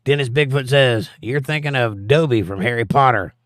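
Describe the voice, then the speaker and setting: A livestream host with a medium-pitched, slightly bright voice talks at a moderate pace in clean studio sound with no echo. Laid-back and folksy, he drawls his way through viewer comments as he reads them aloud.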